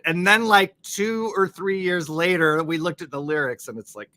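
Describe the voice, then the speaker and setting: A man talks through a live crossword stream in a very lively, animated voice that swoops up and down. His tone is bright and forward, and he laughs easily and slips in playful asides as he reads viewers' comments. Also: on the high side, normal speed, few pauses. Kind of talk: casual live-stream chat, reading chat comments.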